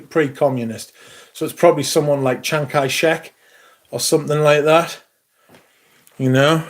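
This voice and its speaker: A young British man chatting on a casual livestream, sweary and excitable. His voice sits a little higher than most men's, and he rattles on to his viewers with loose, bursting energy. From Britain. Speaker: livestream host.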